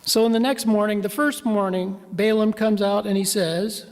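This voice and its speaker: A man's voice: high voice, unhurried, a little mellow. A man preaching a sermon as a minister, retelling a story in a conversational, storytelling way. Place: church. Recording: long church reverb.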